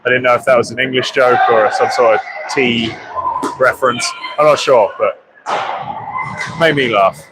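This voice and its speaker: A man doing live play-by-play for an ice hockey game with rambling, self-deprecating asides, excitable when a goal goes in. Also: mid-range voice, moderate pace, long pauses. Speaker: hockey commentator. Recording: loud arena noise behind the voice.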